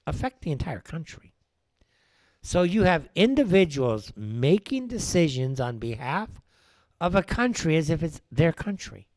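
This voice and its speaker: A man's voice: a little high, very animated, unhurried, darkish tone, no echo. A man hosting a live political talk show, ranting in an opinionated way and firing off rhetorical questions. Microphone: wears headphones while speaking.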